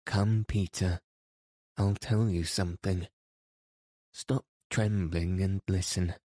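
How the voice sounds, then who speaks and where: A man reading the lines of a kind, gentle elderly grandmother in an audiobook, speaking earnestly. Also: low voice, fairly even intonation, slow pace, no echo, studio quality. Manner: kindly, earnest.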